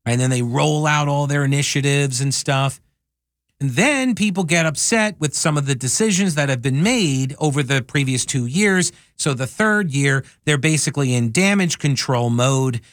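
A man's voice: on the high side, expressive, normal speed, no room sound, clean studio sound. A man hosting a talk radio show, talking casually with wry, sarcastic asides. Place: radio studio.

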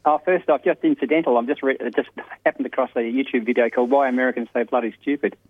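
A man calling in to a radio show, ranting quickly with laughs mid-sentence. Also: medium pitch, fairly even intonation, no room sound. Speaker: caller. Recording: tinny phone line.

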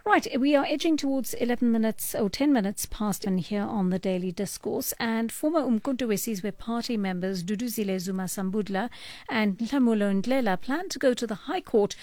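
A woman from South Africa hosting a talk radio show, reading listener messages and taking calls in a measured, wry manner. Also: a little high, darkish tone, no echo. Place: radio studio.

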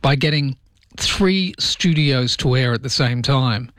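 Australian male radio host, mid-pitched, rambling joky banter, dead-dry studio sound. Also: takes it slowly, fairly bright tone, no echo. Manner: chatty, joking, rambling. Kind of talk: casual radio chat. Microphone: studio microphone.

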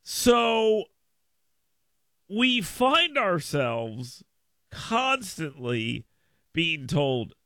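A male radio host chatting casually on air, telling a story with lively jumps in pitch and loudness for emphasis. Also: a little slow, no room sound. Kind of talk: casual talk radio monologue. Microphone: studio microphone.

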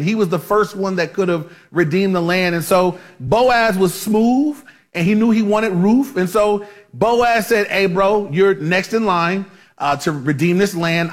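High-voiced man preaching casually. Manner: casual, chatty, with fillers and asides to the congregation. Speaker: pastor. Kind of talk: conversational sermon.

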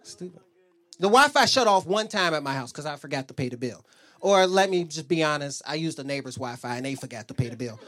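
Lively profane stand-up comic man. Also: quick pace. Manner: animated, profane, jumps into squeaky voices for characters. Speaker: stand-up comedian. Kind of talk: stand-up set with acted quotes. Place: comedy club stage. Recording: roomy club sound with a laughing crowd.

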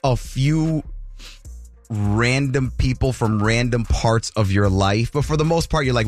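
A man co-hosting a radio show in casual chat, telling an animated story full of laughs and acted-out quotes. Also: medium pitch, a little slow, faint music behind. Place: radio studio.

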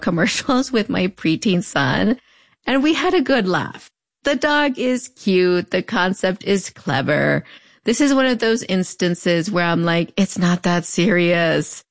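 A woman's voice: on the low side, no room sound. A woman with a fronterizo border accent giving a wry, conversational scripted narration with playful, sassy asides. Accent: fronterizo (US-Mexico border). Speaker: podcast narrator.

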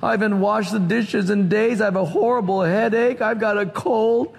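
A woman's voice: mid-range voice, fairly even intonation, normal speed, gravelly, darkish tone, slightly rough. A man voicing an exhausted young mother who is worn out and complaining, in a hall with long reverb. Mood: weary.

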